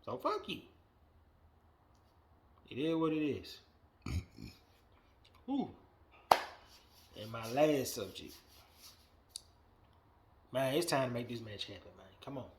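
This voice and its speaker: A man's voice: mid-range voice, lively intonation, slow, long pauses, noisy background. Blunt, profane man ranting on wrestling. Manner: swings between muttering and loud outbursts. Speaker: wrestling podcast host. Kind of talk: casual opinion rant.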